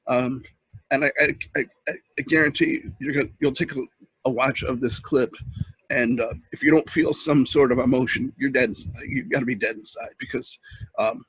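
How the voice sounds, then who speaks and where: Husky-voiced man hosting earnestly. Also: mid-range voice, steady tone, fairly bright tone, no echo, low-quality recording. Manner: earnest, halting, with many restarts. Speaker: host. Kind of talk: casual webcam monologue.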